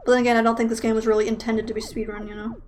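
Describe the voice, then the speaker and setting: A woman's voice: fairly high pitch, flat delivery, very fast. Rambling young woman speedrunner, faint music. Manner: rambling, filler-heavy, self-deprecating. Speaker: speedrunner commentating own run. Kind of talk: casual gameplay commentary.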